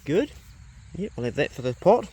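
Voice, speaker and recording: A New Zealand man with a slightly higher voice, chatting casually through a farm vlog. He talks to the camera and now and then to his animals, out of doors with crickets and animal sounds behind him. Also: very animated, moderate pace, warm tone, slight background noise. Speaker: vlogger. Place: outdoors on a rural farm.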